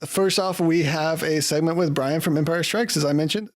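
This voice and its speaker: A man's voice: a little high, normal speed. A man co-hosting a casual podcast, rambling through his thoughts and chuckling often as he chats with friends. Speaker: podcast co-host. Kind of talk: casual chat about comics.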